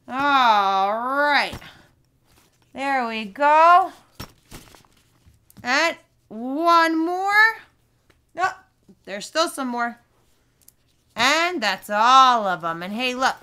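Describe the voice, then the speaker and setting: Woman speech teacher, high bright voice, very slow, sing-song, exaggerated sounds. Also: expressive. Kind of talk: playful lesson for young kids. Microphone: camera in front, leaning close at times.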